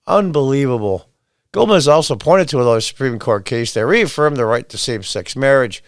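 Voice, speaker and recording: A man's voice: medium pitch, expressive, brisk, no echo. A man delivering a commentary monologue with a blunt, exasperated edge and plenty of sarcasm. His voice sits mid-range and sounds dry and close, with little room around it. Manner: reads quotes aloud, then rants back at them. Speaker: podcast host.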